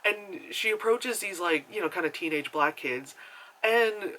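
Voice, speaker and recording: A man's voice: high-pitched, unhurried. Rambling New man reviewing a film. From New York. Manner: rambling, heavy on fillers; animated storyteller, acts out quotes. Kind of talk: casual movie review.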